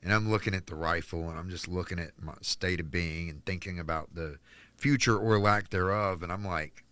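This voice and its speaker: A man from North Carolina telling a candid personal story as a podcast guest, halting with restarts and fillers. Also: low-pitched, pushed and bright, clean tone, no echo. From North Carolina, United States.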